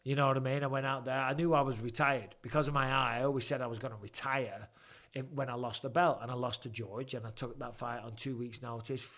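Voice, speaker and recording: A man's voice: mid-range voice, steady tone, fast, fairly bright tone. A man, chatting casually and swearing while commentating a fight and answering viewer questions on a livestream. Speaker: fight companion livestream host. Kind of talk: casual live commentary and chat.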